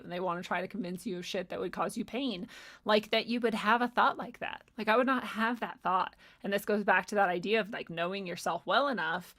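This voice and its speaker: A woman's voice: medium pitch, bright, forceful tone. A woman hosting a spiritual livestream, talking casually and candidly, swearing freely and laughing often as she rambles through her thoughts and reads out viewer comments.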